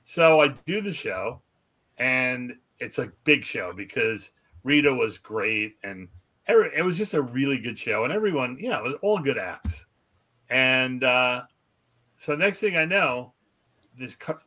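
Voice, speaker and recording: A man's voice: medium pitch, unhurried. A man, a magician and comedian, chatting on a podcast and acting out the voices of people in his anecdotes. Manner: animated storyteller acting out quoted voices. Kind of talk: casual podcast chat.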